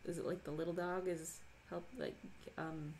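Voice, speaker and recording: A woman's voice: fairly low pitch, flat delivery, moderate pace, darkish tone, a little hiss or hum. A woman from Minnesota chatting casually on a crafting livestream, reading chat aloud and laughing often. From Minnesota, USA. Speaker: livestream host.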